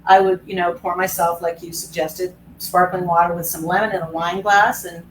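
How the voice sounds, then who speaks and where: A woman's voice: on the low side, flat delivery, normal speed, slight background noise, low-quality recording. Chatty woman fitness pro on a video call. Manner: chatty and candid, acts out voices in her stories. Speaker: fitness professional. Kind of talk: casual webinar talk.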